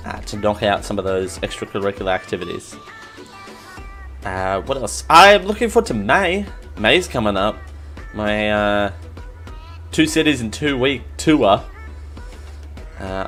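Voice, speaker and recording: A man's voice: on the low side, a bit bright. A man with an Australian accent, hosting a podcast and chatting casually, rambling and poking fun at himself with lots of restarts. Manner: rambling, self-mocking, many restarts. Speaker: podcast host. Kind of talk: casual live-show chat.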